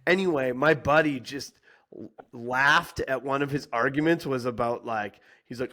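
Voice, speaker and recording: A man's voice: medium pitch, a little slow, pushed and bright. A man co-hosting a podcast, telling a heated, rambling story with many restarts and asides. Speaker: podcast co-host. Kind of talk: casual podcast chat.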